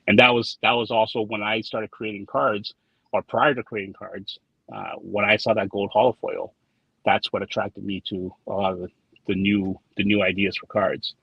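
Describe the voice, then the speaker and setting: A man's voice: on the low side, little pitch movement, moderate pace, gravelly, husky, no echo. A man being interviewed in casual conversation, rambling and repeating words as he tells anecdotes with quoted dialogue. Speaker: trading card designer, guest. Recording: dull lo-fi sound, dry.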